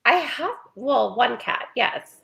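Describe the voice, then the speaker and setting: A woman's voice: fairly high pitch, lively intonation, slow, gravelly, a bit bright, breathy edge, poor audio. A woman guest on a casual podcast, giving brief, laid-back replies. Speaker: podcast guest, legal advisor.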